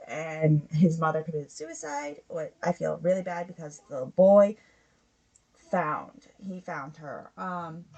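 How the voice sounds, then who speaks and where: A woman's voice: medium pitch, rough recording. Chatty woman recapping a book. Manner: rambling retelling with many fillers. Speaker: book review podcast host. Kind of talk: casual spoken book review.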